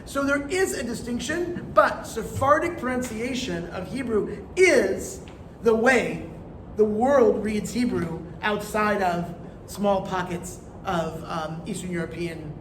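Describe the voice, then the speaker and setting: Chatty rabbi teaching in an echoey room. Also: male voice, high voice, slow pace, a little hiss or hum. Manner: chatty, digressive, joking, leads call-and-response vowel drills. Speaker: rabbi teaching a Hebrew class. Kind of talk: informal language lesson with drills.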